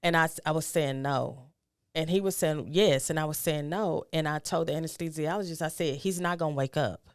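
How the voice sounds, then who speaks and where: Speaking a little fast, a middle-aged female guest recounts an experience from her own life, voicing the dialogue herself and climbing in pitch as her feelings build. Her tone is clear and resonant, with studio-quality audio and no echo.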